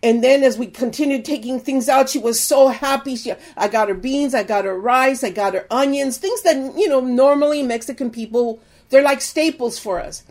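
A woman's voice: high-pitched, normal speed, few pauses, darkish tone. An older woman preaching, telling an earnest personal testimony and exhorting her listeners.

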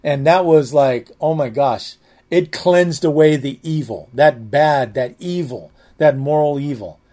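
A man's voice: on the high side, unhurried, warm tone. A man preaching a sermon, telling a personal story in a rambling, conversational way with many restarts, often saying "man" and "amen".

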